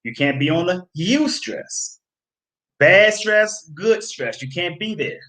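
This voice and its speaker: A man's voice: high voice, animated, takes it slowly, pushed and bright, rough recording. A man hosting a health video, lecturing his viewers in a preachy, emphatic way, repeating key phrases and calling them folks. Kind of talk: preachy direct-to-camera talk.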